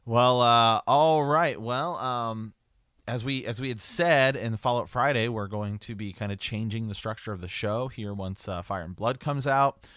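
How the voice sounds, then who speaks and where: A man hosting a book club podcast, talking in a relaxed, rambling way with many restarts. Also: medium pitch, moderate pace, no room sound, clean studio sound. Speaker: podcast host. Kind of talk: casual podcast chat.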